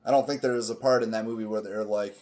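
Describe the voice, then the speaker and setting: A man's voice: lowish voice, steady tone, fast, darkish tone. A man co-hosting a podcast in casual chat, emphatic and profane as he riffs on movies. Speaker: podcast co-host.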